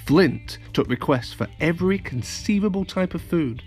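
A man reading a children's story aloud at a steady pace. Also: a little high, moderate pace, breathy edge, soft background music. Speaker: narrator.

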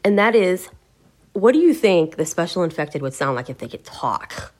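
Woman host, slightly low pitch, casual unscripted musing, hesitant and wordy. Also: big pitch swings, normal speed, darkish tone. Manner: rambling and hesitant, searching for words. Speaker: gaming video host. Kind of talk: casual talk to camera.

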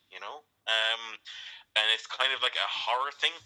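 Male podcast co-host, very bright tone, animated storyteller. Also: medium pitch, normal speed, low-quality recording. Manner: animated, laughing, acts out quoted characters. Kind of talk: casual chat.

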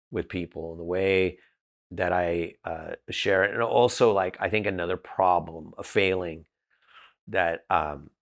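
Blunt low-voiced man from Southern California. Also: fairly bright tone. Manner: blunt, direct, halting with restarts. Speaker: podcast guest, business founder. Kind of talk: candid casual storytelling.

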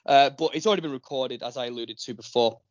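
A man's voice: mid-range voice, fast, dry recording. Chatty man hosting a podcast. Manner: chatty, rambling with many fillers. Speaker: podcast host. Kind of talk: casual podcast chat. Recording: dull, dry lo-fi recording.

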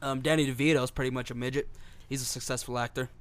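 A man's voice: mid-range voice, fairly even intonation, fast, a bit bright. A young man co-hosting a casual podcast, joking around, breaking into silly voices and coughing now and then. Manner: joking, puts on silly accents, coughs often. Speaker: podcast co-host. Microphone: podcast mic.

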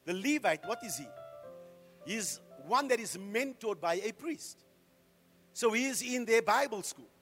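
A middle-aged man preaching a sermon as a pastor, firing off rhetorical questions and swinging from hushed to loud. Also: high-pitched, animated, unhurried, soft background music.

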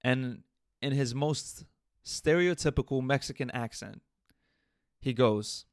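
A man hosting a casual solo podcast, telling a story in an animated, venting way with swearing. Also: medium pitch, slow, no room sound, clean studio sound. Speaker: podcast host. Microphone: USB interface podcast mic.

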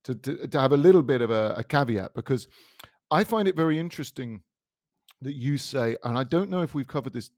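A British man with a wry, teasing manner, chatting on a comedy podcast. His voice sits at an ordinary middle pitch. He is recorded close on a dry mic with no room sound. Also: lively intonation, a little fast, a little mellow, no echo. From United Kingdom. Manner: wry, teasing, mock-pompous asides. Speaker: podcast co-host. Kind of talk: casual comedic chat.

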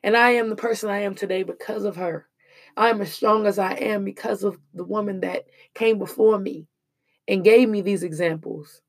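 A woman's voice: mid-range voice, normal speed, slightly rough. Earnest slangy woman giving life lessons. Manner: earnest, preachy, slangy and emphatic. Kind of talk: emotional personal monologue.

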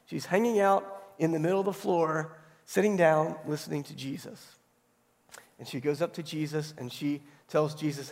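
A man preaching a sermon in a relaxed, conversational storytelling way, his voice hoarse and gravelly from allergies, often checking in with "right?". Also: a little high, normal speed. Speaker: pastor. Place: church sanctuary. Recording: long hall reverb.

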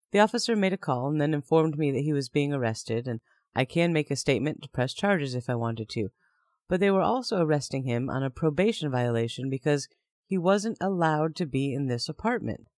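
A man's voice: mid-range voice, darkish tone, no room sound, clean studio sound. A man narrating a first-person story in a plain, conversational way.

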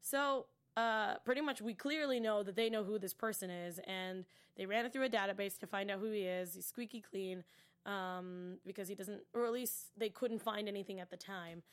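A woman hosting a TV after-show, recapping an episode in casual, animated chat, acting out characters' lines and dropping to whispers for asides. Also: mid-range voice, moderate pace, clean tone.

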